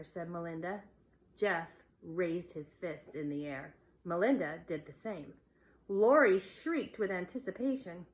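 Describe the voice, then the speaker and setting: A woman teacher reading a children's novel aloud in a slow, deliberate storytelling manner. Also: fairly low pitch, expressive. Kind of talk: read-aloud narration.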